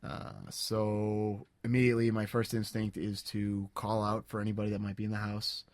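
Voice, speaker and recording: A young man on a podcast, telling a personal story in a casual, halting way, with many restarts and fillers. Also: fairly low pitch, monotone, no room sound. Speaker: podcast co-host.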